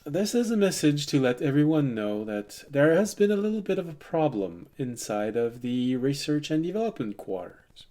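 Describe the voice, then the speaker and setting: A man's voice: on the high side, sing-song, normal speed, warm tone. A man voicing a polite gnome giving a formal announcement over an intercom.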